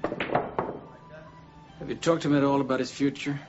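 An actor playing an earnest, insistent middle-aged math professor in film dialogue. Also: male voice, mid-range voice, fairly even intonation, a little slow, music in the background, natural voice. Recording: muffled film audio with background noise.

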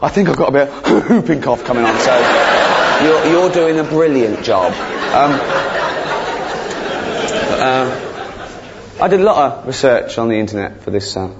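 A man doing a stand-up comedy routine, rambling and sweary, with deadpan asides that break into shrill outbursts. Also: normal speed, pauses often, over a noisy crowd, very noisy. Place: theatre stage before a laughing crowd. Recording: dull live recording with loud audience.

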